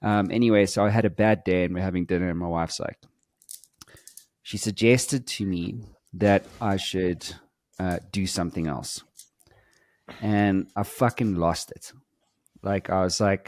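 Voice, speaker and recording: A man's voice: lowish voice, moderate pace, darkish tone, no echo, studio quality. A man in his forties, a podcast co-host, talking bluntly and emphatically in a casual conversation and swearing freely.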